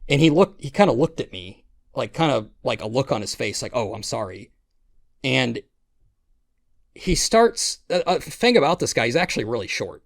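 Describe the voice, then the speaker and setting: Gravelly-voiced man telling a rambling story. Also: medium pitch, sing-song, normal speed, no echo, studio quality. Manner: rambling, profane, lots of restarts and quoted voices. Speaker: podcast host. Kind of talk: casual storytelling chat.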